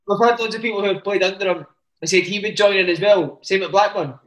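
A man's voice: sits high, fast talker, a bit bright. A man hosting, reacting enthusiastically and asking questions in casual chat.

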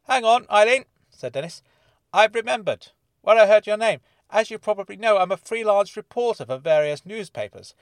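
In an audiobook, a man voices an eager, chatty freelance reporter, animated, jovial and theatrical, pitching his voice high above his natural one. The speed is normal, and the studio recording is clean and dry.

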